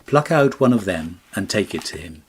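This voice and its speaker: A man's voice: low voice, sing-song, normal speed, a little hiss or hum. A man voicing a compassionate prince statue who gives away his jewels, speaking solemnly and with command.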